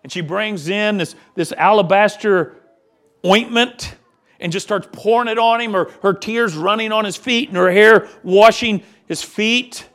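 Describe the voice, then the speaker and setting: A man preaching a sermon as pastor, with impassioned delivery that swings between loud and hushed. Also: high-pitched, a little slow.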